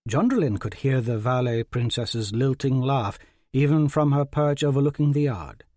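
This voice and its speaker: A man narrating a fantasy audiobook in a measured, even way. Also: medium pitch, no echo, studio quality.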